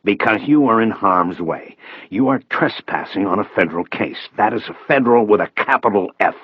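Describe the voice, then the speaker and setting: A man's voice: on the low side, expressive, normal speed, breathy edge, dry recording, dull audio. Man doing a bullying, menacing federal agent. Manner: taunting, threatening.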